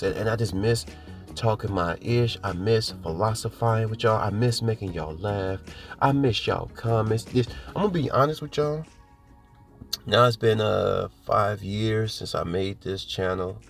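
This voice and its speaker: A man hosting his podcast, hoarse from a cold, rambling and boastful as he talks straight to his listeners. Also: on the low side. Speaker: podcast host. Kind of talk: casual podcast monologue.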